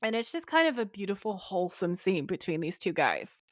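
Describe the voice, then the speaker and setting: This woman co-hosts a podcast with a brisk, mid-range voice in a dry, studio-quality recording. She recaps an episode casually, livening up the retelling by acting out what the characters say.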